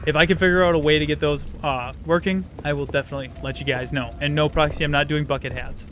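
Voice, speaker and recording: A man's voice: on the high side, fairly even intonation, quick pace, fairly bright tone, a little hiss or hum. A man hosting a live game stream, chatting casually and rambling with offhand swearing. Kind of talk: casual live-stream chat while gaming.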